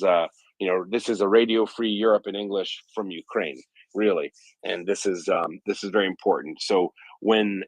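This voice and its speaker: A man's voice: low-pitched, no room sound, rough recording. A man hosting a live audio chat room, talking in a rambling way with many fillers and restarts. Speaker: host of a live audio space.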